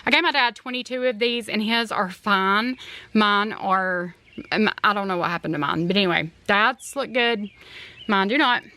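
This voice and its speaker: A middle-aged mom vlogger with a bright, forward, mid-range voice chats at a moderate pace, earnest and full of rambling asides. The casual vlog is recorded with a roomy echo and faint background noise.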